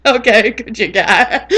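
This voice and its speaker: A woman's voice: fairly high pitch, pushed and bright, slight background noise. A woman rambling in casual chat on her vlog, laughing often. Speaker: vlogger.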